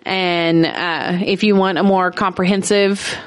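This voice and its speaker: A woman's voice: on the low side, little pitch movement, measured pace, clean tone. A woman co-hosting a true-crime podcast, reading from case notes and reacting casually. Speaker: podcast co-host.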